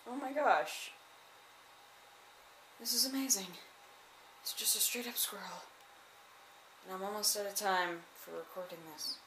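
A woman vlogging with a handheld phone camera on a home staircase, chatting excitedly, swinging from hushed murmurs to loud exclamations. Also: mid-range voice, a little slow, pauses often, noisy background. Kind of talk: casual handheld narration. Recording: echoey indoor stairwell.

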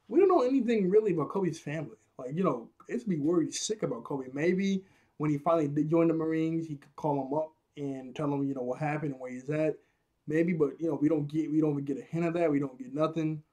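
A man's voice: a little high, dark tone. A man giving a casual, rambling episode review, laughing often at his own jokes.

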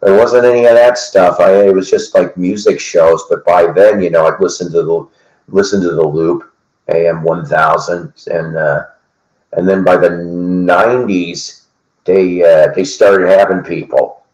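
A man's voice: low voice, fairly even intonation, unhurried, darkish tone, dull audio. A middle-aged man hosting a casual chat, rambling and conversational with lots of fillers and restarts. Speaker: host. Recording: roomy echo.

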